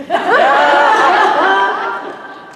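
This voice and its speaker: A woman's voice: very high-pitched, lively intonation, extremely slow, background noise. A woman on a convention panel telling an audition story, giggling and acting out scenes with gasps. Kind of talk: casual panel talk. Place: large convention hall. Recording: echoey hall from far off, loud crowd.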